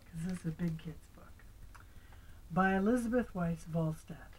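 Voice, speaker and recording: An older woman with a lowish voice gently reads a picture book aloud to her grandchild, asking the child little questions and sometimes dropping to a whisper. The recording is rough.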